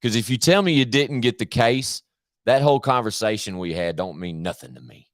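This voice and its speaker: A man's voice: mid-range voice, expressive, fairly quick, dry recording, studio quality. A man chatting casually on his live stream, rambling, slangy and full of swearing.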